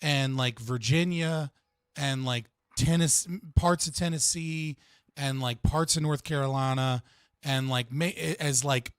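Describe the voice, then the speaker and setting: A man's voice: medium pitch, steady tone, takes it slowly, clear, resonant tone, no echo, studio quality. A man hosting a live-stream debate panel, rambling and lecturing with many filler words. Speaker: stream host. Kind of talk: heated casual debate.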